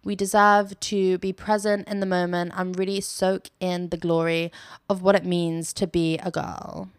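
A woman's voice: lowish voice, level tone, unhurried, clean tone, dry recording, clean studio sound. A young British woman hosting a casual solo podcast, telling stories in a chatty, giggly way and swearing freely. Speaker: podcast host.

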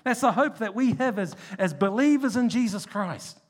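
Emphatic high-voiced male preacher. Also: animated. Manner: emphatic, slows down to stress key words, drops low and quiet for asides. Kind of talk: sermon.

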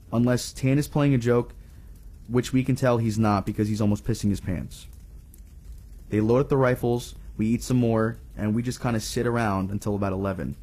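A man's voice: lowish voice, dark tone. A man co-hosting a podcast, reading a scary story aloud in a casual, laid-back way full of swearing.

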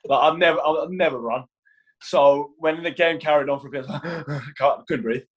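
A man's voice: a little high, steady tone, a little fast, breathy edge, highs cut off. A young man from Iceland with a London-tinged English accent, a goalkeeper chatting in an interview, laughing and acting out quotes. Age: young adult. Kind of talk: casual interview chat.

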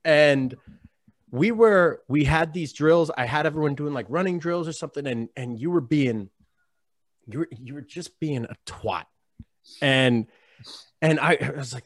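A man's voice: on the high side, a little slow. A man, a strength coach, telling profane stories in casual chat with plenty of laughter. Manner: animated, profane, lots of laughter, big shouts in reenactments.

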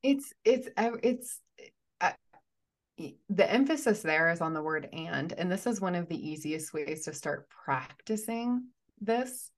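A woman with a lowish voice talks slowly and thoughtfully as a guest on a podcast. She often restarts her sentences as she works through an idea, taking her time over each point. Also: expressive. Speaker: guest, somatic therapist. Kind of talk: conversational podcast interview.

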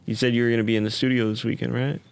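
A man's voice: medium pitch, flat delivery, very fast, vocal fry, clean tone. A man hosting a casual interview, curious and chatty, asking his guest many questions. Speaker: interview host.

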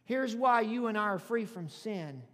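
A man preaching a sermon to a congregation, calling out for amens and exclaiming loudly between points. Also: sits high, animated, moderate pace. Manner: preaching with loud exclamations and call-outs. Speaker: pastor. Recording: music under reverberant hall.

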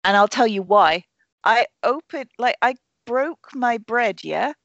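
Mujer juguetona con voz muy expresiva. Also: female voice, fairly high pitch, a little slow, no echo. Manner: playful, animated banter. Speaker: podcast co-host. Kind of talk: casual chat. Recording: dull, dry lo-fi mic.

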